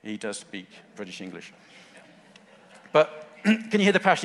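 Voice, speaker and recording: A man's voice: on the low side, very animated, normal speed, long pauses. A man preaching a sermon in short, earnest phrases, rising at times to fervent emphasis. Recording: long hall reverb.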